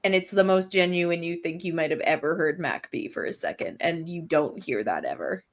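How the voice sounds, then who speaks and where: A woman's voice: on the low side, animated, moderate pace. A woman describing her character in a tabletop role-playing stream, loose and full of fillers. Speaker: player.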